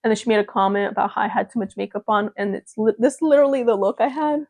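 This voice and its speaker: A woman's voice: medium pitch, fairly even intonation, fast talker, darkish tone, no echo. A young woman vlogging in a casual chat to camera, talking freely and laughing often. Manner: chatty, laughs often, mimics gushing voices.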